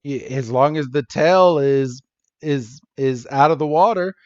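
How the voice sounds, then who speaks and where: Slow-talking man recapping an episode. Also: on the high side, darkish tone, no room sound, lo-fi sound. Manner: laughs often, retells scenes in quoted voices. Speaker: podcast co-host. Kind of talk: casual chat recapping an episode.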